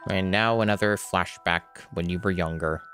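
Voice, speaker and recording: A man's voice: low voice, steady tone, moderate pace, fairly bright tone, faint music behind. Joking, profane young man streamer. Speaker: blind let's play streamer. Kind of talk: casual gameplay commentary.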